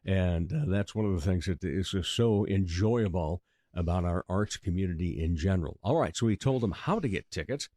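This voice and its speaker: A man hosting a local radio talk show, asking friendly questions and reacting quickly in a casual interview. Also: low-pitched, lively intonation, warm tone, dry recording, clean studio sound.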